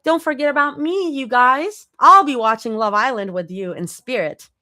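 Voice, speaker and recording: A woman voicing a bubbly, teasing young woman friend in a fanfic reading, pitched up and playful. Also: normal speed, bright, forceful tone, dry recording, clean studio sound.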